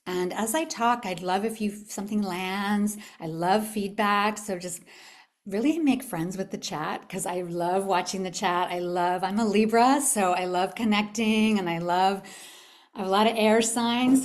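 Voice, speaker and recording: Female summit speaker, motivational talk, animated storytelling, asks the audience questions. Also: mid-range voice. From California. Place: event room with a live audience.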